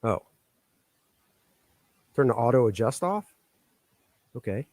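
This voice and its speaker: A man's voice: mid-range voice, expressive, slow pace, darkish tone, no room sound. Joking man chatting on a live stream. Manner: joking, chatty, muttering while fixing his settings. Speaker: comic artist hosting a live stream. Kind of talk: casual live-stream chat. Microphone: microphone on a stand.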